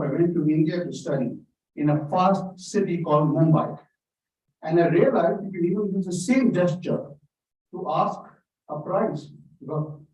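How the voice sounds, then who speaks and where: A man giving a playful, animated prepared speech at a club meeting over a video call, talking straight to his audience. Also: high-pitched. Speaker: club speaker. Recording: echoey, distant, dull sound.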